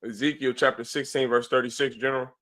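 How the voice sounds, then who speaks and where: A man's voice: mid-range voice, steady tone, fast talker, fairly bright tone. A man reading scripture aloud for a leader, deferential, addressing him as sir and General. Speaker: scripture reader.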